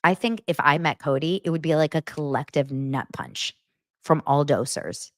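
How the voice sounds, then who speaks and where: A woman hosting a podcast, recapping reality TV in a blunt, animated and profane way. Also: low-pitched, moderate pace, no room sound, clean studio sound. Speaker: podcast host.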